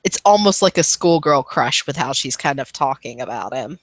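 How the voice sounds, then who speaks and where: A woman's voice: a bass voice, lively intonation, moderate pace, dry recording. A woman narrating a tabletop role-playing game as game master, casual and rambling with many fillers.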